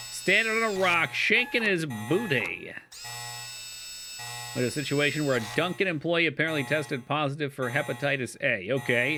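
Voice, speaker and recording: A man chatting casually and joking with his viewers while playing a game, swearing freely. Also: medium pitch. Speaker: streamer. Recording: live stream with loud game music behind. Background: game music.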